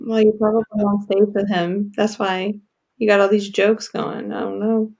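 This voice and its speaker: Gravelly-voiced woman, relaxed guest. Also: mid-range voice, moderate pace. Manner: relaxed, agreeable, supportive listener. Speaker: guest friend on the livestream. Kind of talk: casual livestream chat.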